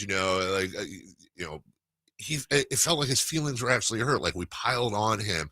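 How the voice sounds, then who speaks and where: Animated, bright-voiced male radio host. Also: mid-range voice, moderate pace, no echo. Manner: rambling, animated storytelling with restarts. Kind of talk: casual radio chat. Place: radio studio.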